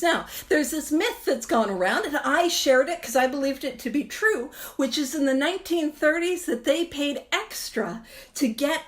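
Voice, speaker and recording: A woman in her thirties leads a recovery book study in a casual teaching talk, chatty, laughing often and poking fun at herself. Her voice is high with a fairly bright tone.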